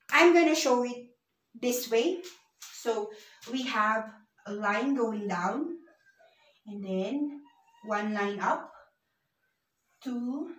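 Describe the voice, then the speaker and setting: A woman teaching a beginners' language lesson on her own channel, explaining slowly with many fillers. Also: fairly high pitch, fairly bright tone. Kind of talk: casual online lesson. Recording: echoey room.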